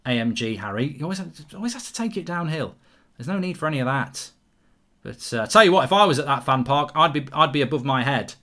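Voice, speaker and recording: A man's voice: mid-range voice, sharp tone. A man hosting a live football watchalong, chatty, jokey and rambling as he reads out viewer comments. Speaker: host.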